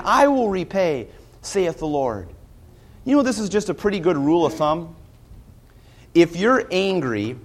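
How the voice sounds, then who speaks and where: A man preaching a sermon, earnest and emphatic, asking rhetorical questions and quoting scripture. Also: high-pitched.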